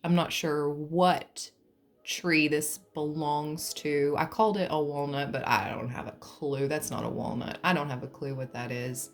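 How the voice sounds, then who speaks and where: Deep-voiced and unhurried, with fairly even intonation, a woman offers a pick-a-card tarot reading. She's playful and joking, lightens things with laughter, and now and then breaks into humming and song.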